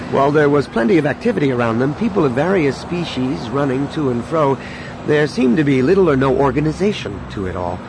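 A man narrating an audiobook in a steady, expressive storytelling manner. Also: medium pitch, background noise.

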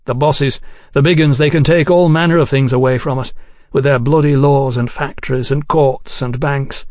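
A man's voice: mid-range voice, fairly even intonation, moderate pace, a little mellow, dry recording, clean studio sound, natural voice. A man voicing a persuasive male swindler who coaxes and then presses his points emphatically. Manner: coaxing, then hard and emphatic. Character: smooth-talking male street swindler, persuasive and bitter.

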